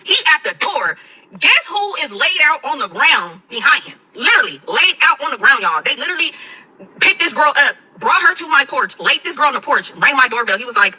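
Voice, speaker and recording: A young woman telling a dramatic storytime to viewers, animated and swearing often. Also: high voice, fairly quick, rough recording. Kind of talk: casual storytime to camera.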